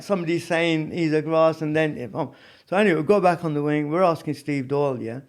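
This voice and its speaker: A man's voice: a little high, fast talker. A man telling prison stories in a casual interview, rambling with lots of "you know what I mean". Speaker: podcast guest.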